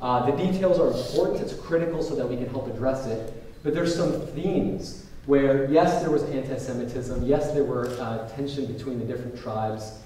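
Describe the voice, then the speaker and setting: A man's voice: medium pitch, normal speed, warm tone. A young man from Ecuador speaks to an audience in a large university auditorium. He talks in a mid-range voice, conversational and peppered with ums and uhs. The sound is picked up from a distance, with strong echo and a faint hum of the room behind it. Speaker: guest speaker. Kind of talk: public lecture. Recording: echoey auditorium from far off.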